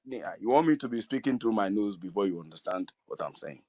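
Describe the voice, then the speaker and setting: Nigerian man, igbo, low voice, dry close sound, earnest and pleading, repeats stuff a lot. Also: a little fast, hardly any pauses, dry recording. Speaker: community speaker. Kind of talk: speaking to an online meeting.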